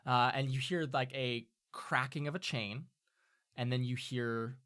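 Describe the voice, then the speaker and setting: A man's voice: medium pitch, a little slow, a bit bright. A man running a tabletop game as game master, narrating scenes loosely with many fillers.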